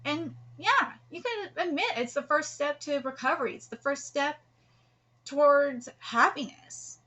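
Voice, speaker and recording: Woman host, high bright voice, earnest live reaction commentary with restarts. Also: a little slow, rough recording. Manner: earnest, heartfelt, rambling with restarts. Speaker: host reacting to a manga chapter.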